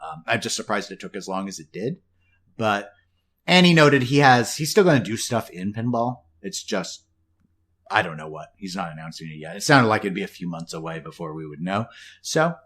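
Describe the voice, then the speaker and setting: A man's voice: fairly low pitch, big pitch swings, normal speed, fairly bright tone. A man co-hosting a laid-back podcast, chatting at length in a rambling way. He drops wry asides and often restarts his sentences. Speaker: podcast co-host. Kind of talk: casual podcast chat.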